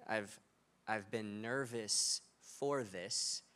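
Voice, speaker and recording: A man interviewing a guest in a relaxed, appreciative way. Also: fairly low pitch, very slow. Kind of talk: conversational interview.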